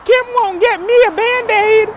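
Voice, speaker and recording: A grown man throwing a tantrum, as a woman puts him on, wails in a high, whining voice. The pitch climbs far above a normal speaking voice. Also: measured pace, a little hiss or hum.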